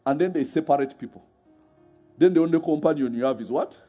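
A man's voice: on the high side, fairly quick, warm tone. A man preaching a sermon, often laughing and firing rhetorical questions at his audience. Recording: muffled recording with faint music.

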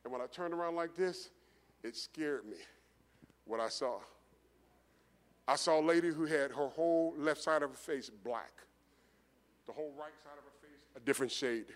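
A middle-aged man preaching a sermon in a relaxed, conversational storytelling way, repeating his phrases and building toward rising intensity. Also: fairly high pitch, moderate pace, pauses often. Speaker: pastor. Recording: long hall reverb.

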